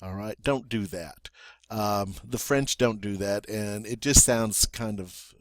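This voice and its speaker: A man's voice: on the low side, takes it slowly, no room sound, studio quality. A man teaching a French pronunciation lesson, patiently repeating words and checking in with "all right?".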